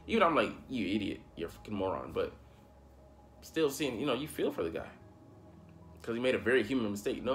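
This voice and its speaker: Um homem falando sozinho sobre futebol americano em tom de conversa, divagando, com palavrões e explosões de irritação. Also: male voice, fairly low pitch, fairly bright tone. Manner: rambling, profane, heated bursts. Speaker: sports commentary host. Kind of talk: casual solo sports talk.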